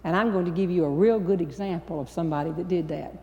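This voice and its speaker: A woman with a Southern American accent, a humorist telling a story to a live audience, with a folksy, drawn-out delivery and deliberate pauses. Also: lowish voice, dark tone, lo-fi sound. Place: large hall before a live audience. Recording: long reverb in a large hall.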